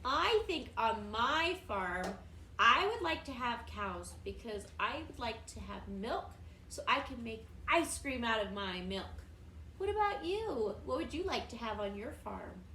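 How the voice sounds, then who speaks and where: High, slow-talking preschool teacher woman. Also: sing-song, pushed and bright, roomy sound, slight background noise. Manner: slow, sing-song and encouraging, speaking to toddlers. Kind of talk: recorded lesson for young children.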